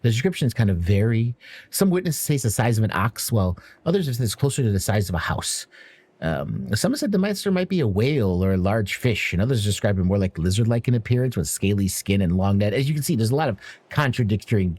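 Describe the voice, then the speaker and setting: A man's voice: on the low side, animated, quick pace, darkish tone, breathy edge, no room sound. Stammering young woman scholar, earnest, fidgety, as a male DM plays her.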